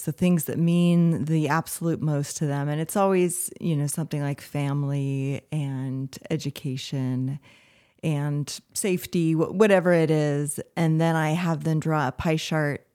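A woman hosting an interview, speaking in a measured, reflective way. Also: deep voice, a little mellow. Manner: measured, reflective, reads a quote aloud. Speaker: host.

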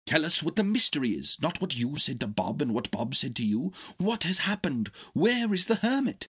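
A man voicing a kindly, fretful country doctor in a storybook reading, husky and gentle. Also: fairly high pitch, very animated, normal speed, voice pushed up, full character voice. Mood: impatient. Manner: gentle, exclaiming.

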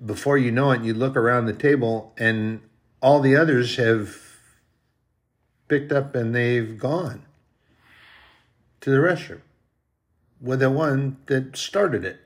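A man's voice: mid-range voice, takes it slowly, long pauses. A man preaching in a folksy, rambling storytelling style, now and then acting out short quoted voices. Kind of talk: storytelling sermon.

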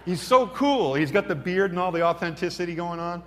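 A male preacher telling a story in a sermon, acting out the dialogue with lively energy. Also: high voice, a little fast, slight background noise. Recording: long hall reverb.

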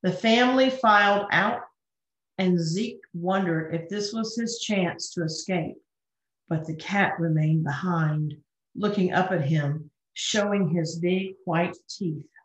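A woman reading a children's story aloud with gentle expression. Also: fairly low pitch, slow pace. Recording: roomy, dull lo-fi recording.

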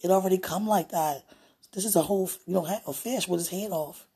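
A woman talking aloud in a casual, rambling way, drifting between hushed and loud. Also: lowish voice, fairly quick, slightly rough. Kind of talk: casual spoken prayer and chat.

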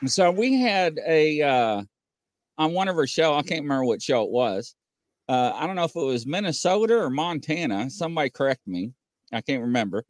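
A man's voice: a little high, animated, normal speed, no room sound, studio quality. A man hosting a live call-in show, chatting casually and telling stories in a rambling way full of fillers and restarts. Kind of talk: casual live-stream chat.

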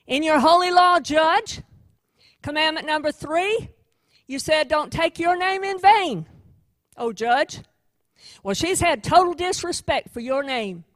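Woman acting as a loud accusing prosecutor. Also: sits high, expressive, unhurried, dry recording, pitched above the performer's own voice. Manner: loud, accusing, listing charges. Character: scornful male prosecutor accusing a sinner.

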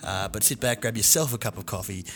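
A relaxed Australian man hosts a podcast chat in a slightly low voice, laughing easily between his stories. Music plays clearly underneath him. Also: fast talker. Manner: laughs often, relaxed and chatty. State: jet lagged and tired. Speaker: podcast host. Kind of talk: casual interview chat.

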